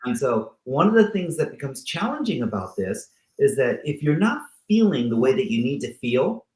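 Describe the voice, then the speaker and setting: A man's voice: mid-range voice, very animated, normal speed, darkish tone. A man hosting a talk show, chatting playfully and reeling off long lists of words. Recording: roomy echo.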